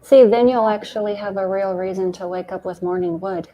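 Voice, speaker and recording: A woman's voice: mid-range voice, steady tone, brisk, mellow, slight background noise, poor audio. A woman co-hosting a casual horror watch-along chat, tossing out dry, wisecracking quips. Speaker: podcast co-host.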